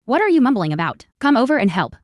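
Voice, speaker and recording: A woman dubbing a haughty, sharp-tongued young woman in a drama, scolding and contemptuous. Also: on the high side, sing-song, quick pace, no echo, clean studio sound. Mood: impatient. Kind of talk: dubbed drama dialogue.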